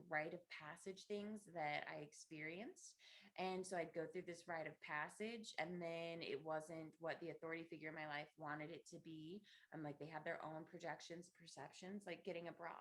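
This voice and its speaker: A woman talking as a podcast guest, slowly feeling her way through a personal story with many pauses, fillers and restarts. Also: sits low, fairly even intonation. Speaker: podcast guest, inner child practitioner. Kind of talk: casual podcast conversation.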